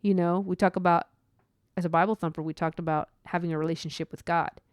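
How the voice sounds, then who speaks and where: A woman talking through her own faith podcast, earnest and meandering, full of "like" and side thoughts. Her voice is smooth and clear, recorded close and dry with no room sound. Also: fairly low pitch, fairly even intonation, fast, a little mellow, no echo. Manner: earnest, rambling, with many asides and "like". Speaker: podcast host. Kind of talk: personal faith podcast monologue.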